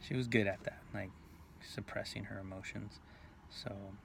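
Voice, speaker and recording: Man recounting his past, low and monotone, halting delivery, faint hiss. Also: gravelly. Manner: halting, full of fillers and restarts, drops to near whispers. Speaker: video blogger. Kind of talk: rambling personal storytelling.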